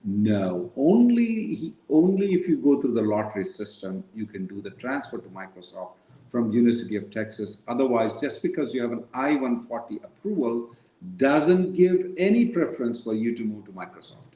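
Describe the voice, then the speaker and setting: A man's voice: mid-range voice, animated, moderate pace, dark tone, echoey room, poor audio. A man answering viewer questions as a regular on a live Q&A show, restating each question and thinking aloud with some hesitation.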